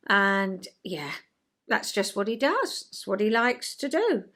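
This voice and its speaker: A woman, hosting a chatty vlog and explaining ideas in a gentle, conversational way, acting out little everyday scenes. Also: medium pitch, very animated, slow pace. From England. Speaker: vlog host, retired counsellor.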